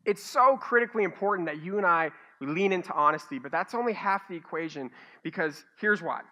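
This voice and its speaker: Bright-voiced male pastor preaching. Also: high voice, fairly quick, muffled recording. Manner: animated storytelling with self-mocking humor. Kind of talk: sermon. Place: church stage.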